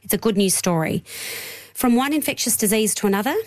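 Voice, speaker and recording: Lady hosting health radio, clear explainer, studio mic. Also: mid-range voice, animated, a little fast. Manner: explains clearly, laughs easily. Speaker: radio health show host. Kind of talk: radio health news chat.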